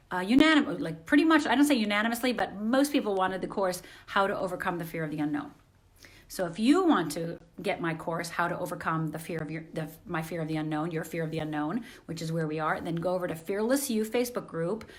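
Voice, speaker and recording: Earnest encouraging woman on a phone live stream. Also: lowish voice. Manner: earnest, encouraging, repeats phrases. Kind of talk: motivational live talk.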